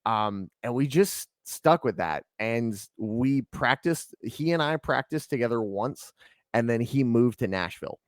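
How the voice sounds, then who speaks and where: A man's voice: medium pitch, animated, measured pace, dry recording, studio quality. A man from Atlanta, a band's lead singer, chatting casually in an interview with a rambling, laid-back way of talking full of ums and likes. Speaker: lead singer and band guest.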